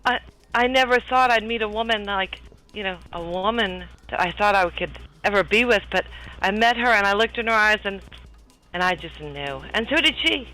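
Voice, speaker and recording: A man voicing an excitable, lovestruck young adventurer in a tabletop game, with gushing exclamations. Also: high voice, normal speed, faint music behind, low-quality recording.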